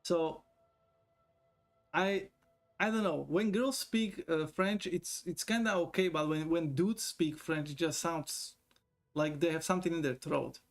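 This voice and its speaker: A man's voice: on the high side, unhurried, soft background music. Laughing, rambling male streamer. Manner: rambling, profane, laughs often, reads chat aloud. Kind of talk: casual live-stream chat.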